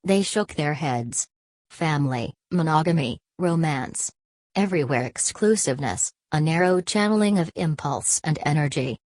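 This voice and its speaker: A woman narrating a novel as an audiobook in a measured, even reading. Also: deep voice, dry recording. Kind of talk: scripted narration.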